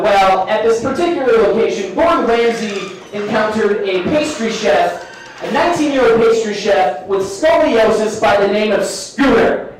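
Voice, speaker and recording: A young male comedian works a bar crowd with a fairly high, self-deprecating patter. He is heard from a distance through a very echoey room, like a live set taped off the back wall. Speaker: stand-up comedian. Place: bar stage with a live audience.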